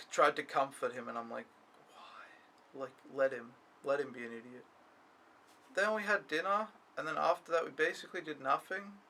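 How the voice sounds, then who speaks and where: In a rough recording, a young au pair vlogger talks to the camera with a fairly high, bright, forceful voice. It's a casual weekly recap vlog, and he rambles, complains and swears often.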